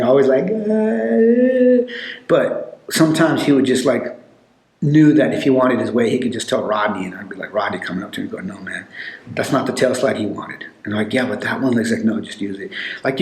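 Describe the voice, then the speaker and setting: A man telling loose, animated stories in a casual chat, with lots of fillers. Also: medium pitch. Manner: rambling, animated storytelling with many fillers. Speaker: podcast guest telling stories. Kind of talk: casual storytelling. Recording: echoey room.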